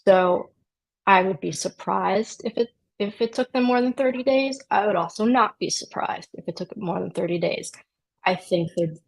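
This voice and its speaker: A woman's voice: lowish voice, vocal fry, husky, low-quality recording. A woman immigration attorney explaining a legal process in a conversational way, with dry sarcastic asides. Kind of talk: explanatory talk to camera.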